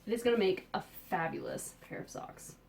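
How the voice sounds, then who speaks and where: A woman hosting a casual podcast, talking enthusiastically about yarn she has dyed and received, with soft muttered asides. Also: mid-range voice, fairly quick. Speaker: podcast host and yarn dyer. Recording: distant mic with faint background noise.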